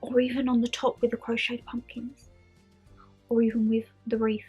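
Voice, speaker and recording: A woman's voice: fairly high pitch, little pitch movement, moderate pace, a little mellow, breathy edge, lo-fi sound, soft background music. A woman chatting her way through a shopping haul in a bubbly, rambling, gushing manner. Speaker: lifestyle vlogger showing a shopping haul.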